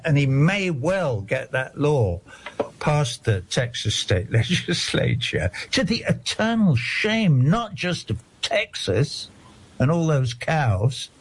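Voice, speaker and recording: Husky older man, rambling. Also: a little high, very animated, slow pace. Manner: rambling, digressive, indignant. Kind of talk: casual discussion.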